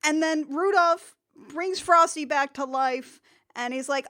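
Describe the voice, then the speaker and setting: A woman's voice: high-pitched, a little slow, a bit bright. A woman co-hosting a casual podcast, giving dry, sardonic commentary. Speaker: podcast co-host.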